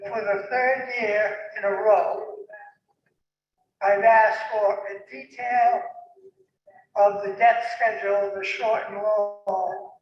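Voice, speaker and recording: A man making a public comment at a hearing, slow and insistent, repeating his request. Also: high-pitched, steady tone. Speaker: resident speaking at hearing. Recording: very echoey, dull room sound.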